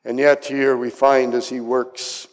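A male pastor preaching a dramatic sermon, acting out the voices he quotes and dropping to soft asides. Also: mid-range voice, little pitch movement, a little slow. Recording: long hall reverb.

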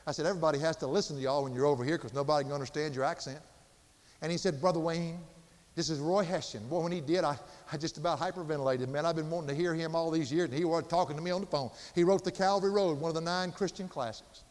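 A man preaching a sermon, earnest, slowing down and building for emphasis. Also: fairly high pitch. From Southern United States. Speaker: pastor. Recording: reverberant church hall.

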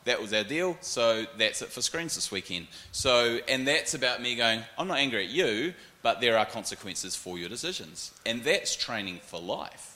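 A man in his forties with a New Zealand accent, telling animated stories as a panelist and acting out other people's voices. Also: mid-range voice, normal speed, hardly any pauses, echoey room. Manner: animated, acts out voices in anecdotes. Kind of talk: storytelling panel talk.

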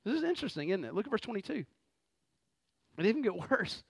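A man preaching a lively, conversational sermon full of rhetorical questions. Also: high voice, fast talker, vocal fry, pauses often, slightly rough, no room sound. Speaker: pastor.

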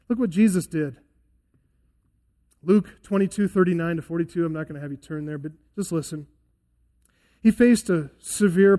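A male pastor preaching a sermon in a church and closing in prayer, earnest, falling to a hushed, soft tone as he prays. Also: on the high side.

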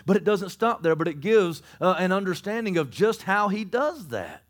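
A man preaching a sermon, teaching quickly and asking the room rhetorical questions. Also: sits high. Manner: fast-talking, animated teaching with rhetorical questions. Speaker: pastor.

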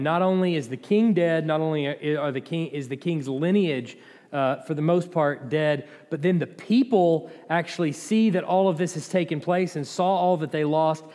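A man's voice: fairly high pitch, darkish tone. A man teaching a Bible lesson in a conversational way, with restarts and dry asides. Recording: long hall reverb.

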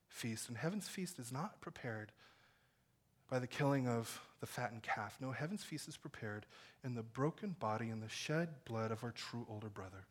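A man preaching a sermon as pastor, with impassioned delivery that swings between loud calls and quiet, intimate stretches. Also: mid-range voice.

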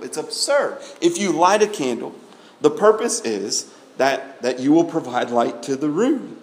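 A pastor preaches to his congregation in a slightly high, sing-song voice at a somewhat slow pace. He's emphatic, firing off rhetorical questions and repeating words as he builds each point. A faint hiss or hum sits under the audio.

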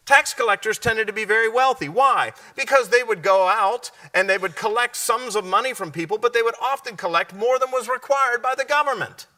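A man preaching a sermon, often asking his listeners questions and answering them, sometimes dropping to a hushed, slow delivery. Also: very high-pitched, recorded from a distance. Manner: drops to a hushed, slow delivery at key points.

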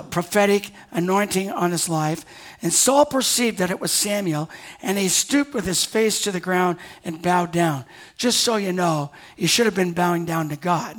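A man's voice: high-pitched, a bit bright. A male pastor preaching a sermon, reading scripture and breaking into conversational asides with sudden emphatic rises.

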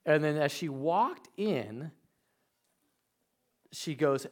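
A male pastor preaching, telling personal stories, dropping to quiet asides and rising to shouted emphasis. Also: fairly high pitch, lively intonation, unhurried, pauses often. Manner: storytelling, swings from hushed asides to shouted emphasis. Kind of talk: sermon.

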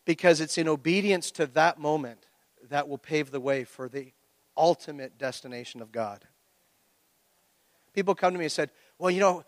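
A pastor preaching a sermon, telling a personal story with lively acted-out reactions. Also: male voice, a little high, normal speed, no room sound, big-room sound. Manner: animated storytelling, acting out his own reactions. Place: church.

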